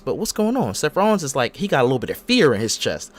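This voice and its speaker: A man hosting a podcast in casual chat, retelling events in an animated way and acting out the quotes. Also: mid-range voice, brisk, few pauses. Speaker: podcast host.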